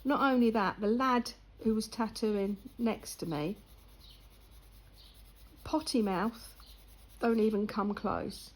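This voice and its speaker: Older woman with a husky voice. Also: mid-range voice, slow pace, long pauses, low-quality recording. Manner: chatty, laughing anecdotal storyteller. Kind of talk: casual chat while colouring.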